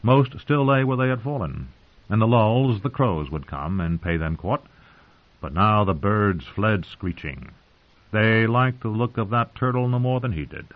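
Grave male fantasy narrator, low voice, lo-fi phone-like sound. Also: animated. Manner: measured, grave storytelling. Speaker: audiobook narrator. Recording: tinny phone-like audio.

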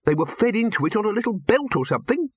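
A man's voice: sits high, big pitch swings, quick pace, breathy edge, no echo, voice pushed up, full character voice. A man voicing a fussy, nervous wizard bursar in an audiobook reading.

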